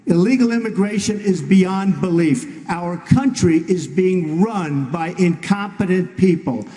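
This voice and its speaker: A man's voice: sits high, unhurried, dark tone, echoey room, big-room sound, rough recording. A man answering as a presidential candidate at a debate, blunt and repetitive in plain words. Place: large debate hall.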